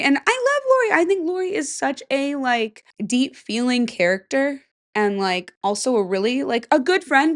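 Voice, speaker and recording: A young adult woman hosting a podcast alone, rambling in casual chat with lots of fillers and self-corrections. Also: medium pitch. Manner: rambling, chatty, self-interrupting with fillers and laughs. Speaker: podcast host.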